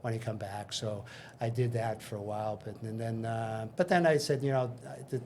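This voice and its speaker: A man's voice: lowish voice, steady tone, brisk, a little mellow, a little hiss or hum. An older man, a guest in an interview, casually telling career stories and acting out the conversations in them, with frequent restarts. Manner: anecdotal, acts out dialogue, frequent restarts. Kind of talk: casual storytelling.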